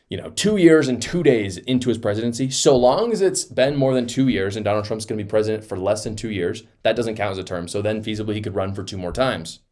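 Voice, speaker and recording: A man's voice: on the low side, darkish tone. Fired-up man giving heated commentary. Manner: emphatic, scornful, fired up. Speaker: political commentator.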